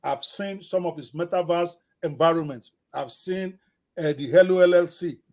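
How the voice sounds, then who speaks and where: A man hosting a live podcast interview, energetic and joking about his own speech. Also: on the high side, normal speed. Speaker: podcast host.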